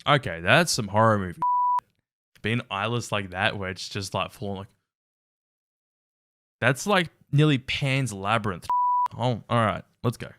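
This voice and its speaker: A man's voice: lowish voice, measured pace, long pauses, background noise. A man hosting a casual reaction commentary, wry and incredulous, laughing often. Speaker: reaction video host.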